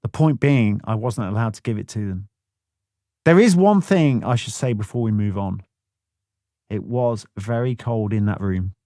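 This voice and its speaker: A man's voice: on the low side, expressive, normal speed, dark tone, no room sound, clean studio sound. A man reading a first-person memoir audiobook in a plain, matter-of-fact way. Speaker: audiobook narrator.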